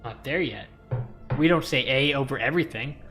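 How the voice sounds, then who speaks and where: A man's voice: mid-range voice, normal speed, a bit bright, faint music behind. A man in his late twenties with an East Coast Canadian accent, chatting casually and emphatically while gaming, swearing freely. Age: 20s.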